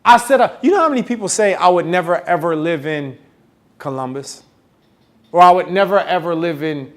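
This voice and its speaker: A middle-aged man from the United States giving a motivational talk, telling a story in an animated way and acting out the dialogue. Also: fairly high pitch, normal speed. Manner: animated, acts out dialogue with big swings in volume. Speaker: motivational speaker.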